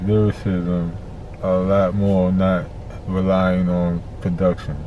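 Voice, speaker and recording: A man's voice: low-pitched, flat delivery, slow, mellow, dull audio, a little hiss or hum. A man joining a casual album reaction, laid-back and often ending his lines with "man". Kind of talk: casual chat.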